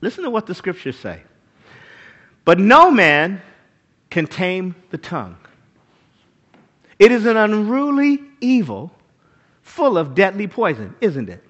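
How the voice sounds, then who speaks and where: A man preaching a sermon, emphatic and animated, often turning to the listeners for agreement. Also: high-pitched, measured pace, pauses often, muffled recording.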